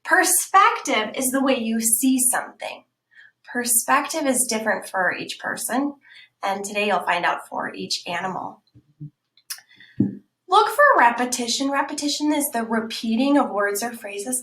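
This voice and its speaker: Woman teacher, children's read-aloud, slow emphatic reading, high pitch, echoey room. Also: expressive, a bit bright. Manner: slow, emphatic, dropping to whispers.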